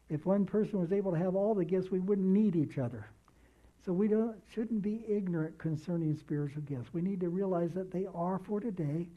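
A man preaching a sermon as pastor, earnest, repeating key phrases for emphasis. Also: high-pitched. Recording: tinny phone-like sound.

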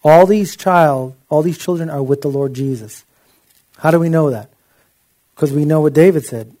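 A man's voice: fairly high pitch, moderate pace, mellow. A man preaching a sermon in an impassioned, conversational way, with frequent asides to his listeners.

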